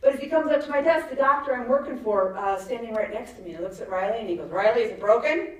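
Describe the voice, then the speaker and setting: A woman's voice: on the high side, fast talker. Woman, 50s, stand-up comic, chatty and giggly; very echoey room, distant mic. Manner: chatty, laughs at her own jokes, asks the crowd. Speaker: stand-up comedian. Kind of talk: stand-up comedy set. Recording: echoey venue, mic far off, faint ambience.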